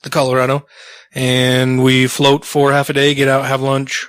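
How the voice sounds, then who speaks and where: A man's voice: medium pitch, completely flat delivery, normal speed, a bit bright, clear, resonant tone, dry recording. A man co-hosting a podcast in casual chat, joking and swearing, his voice slightly strained. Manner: loose, profane, chuckling. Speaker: podcast co-host.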